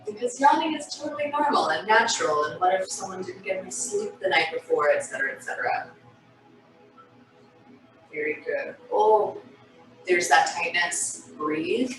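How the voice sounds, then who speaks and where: A woman instructor guiding a stretching class over a video call, with soothing, breathy cues and sighs. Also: fairly low pitch, expressive, moderate pace, far from the mic, slight background noise. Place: home room on a video call. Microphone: laptop mic on a video call. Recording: echoey room, off-mic, music behind. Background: background music.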